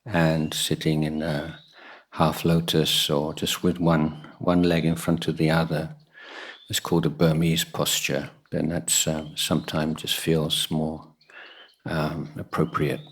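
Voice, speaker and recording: A man, a Buddhist monk, giving a guided meditation talk at a retreat, pausing often with soft fillers. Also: extremely low pitch, completely flat delivery.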